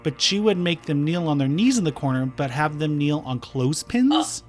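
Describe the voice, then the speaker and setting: A man's voice: fairly high pitch, lively intonation, moderate pace, darkish tone, soft background music. A man co-hosting a podcast, casually retelling a true-crime case with fillers and restarts. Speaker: podcast co-host.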